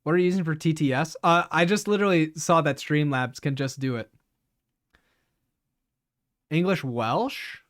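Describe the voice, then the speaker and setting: A man's voice: on the high side, normal speed, long pauses, fairly bright tone. A man streaming live, chatting casually with his viewers, laughing often and repeating words as he talks.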